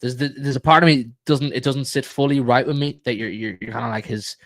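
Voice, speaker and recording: A man co-hosting a football podcast weighs both sides of the argument in a measured, hedging way, often repeating himself mid-thought. His voice sits at an ordinary middle pitch and sounds close and dry. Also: steady tone, dry recording. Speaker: podcast co-host. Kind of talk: casual football chat.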